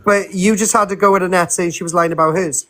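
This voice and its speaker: A man's voice: high voice, steady tone, fast talker, pushed and bright. A man throwing teasing jabs and defending a friend in live-stream banter.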